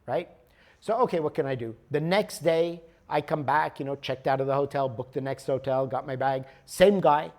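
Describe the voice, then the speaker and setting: A man with a slightly high voice leads a workshop in an animated storytelling manner. He often pauses to check in with the audience. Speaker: workshop leader.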